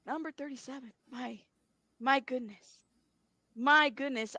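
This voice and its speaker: A woman's voice: high-pitched, a little slow, bright, forceful tone, no echo. A woman co-hosting a casual commentary show, reading a document aloud with sarcastic disbelief. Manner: incredulous, sarcastic.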